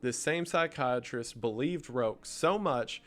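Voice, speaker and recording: A man narrating a documentary video from a script, in a steady, measured storytelling manner. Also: mid-range voice, faint music behind.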